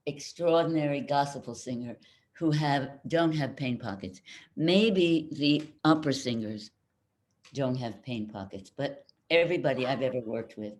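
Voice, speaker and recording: An older woman voice coach on a video call, leading a group warm-up in an energetic, coaxing way and repeating her instructions. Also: low voice.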